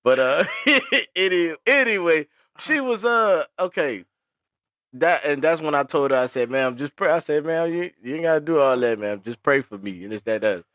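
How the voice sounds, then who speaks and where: A young adult man co-hosting a podcast in casual chat, telling stories, often laughing and jumping up high to quote other people. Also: moderate pace, dry recording. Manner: animated storyteller, acts out high-pitched quotes, laughs often. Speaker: podcast co-host.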